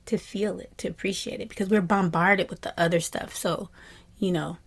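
A woman teaching a meditation class, giving a reflective dharma talk in a gentle voice that often slips into a soft whisper. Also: lowish voice, normal speed, breathy edge. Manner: animated when voicing happy quotes.

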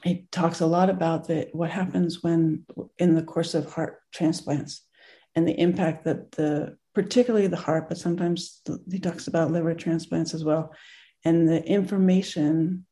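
A group teacher reading a moving story aloud in a gentle way, with pauses and restarts. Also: medium pitch, fairly even intonation.

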